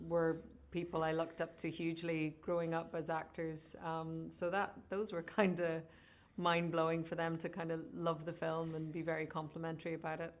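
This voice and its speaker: A woman with an Irish accent, an actress guest on a television interview, talking in a relaxed, chatty way. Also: sits low. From Ireland. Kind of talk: casual interview.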